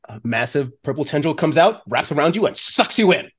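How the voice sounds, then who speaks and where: A man narrating a tabletop game as game master, animated and descriptive, with frequent fillers. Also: fairly high pitch, fairly quick, breathy edge.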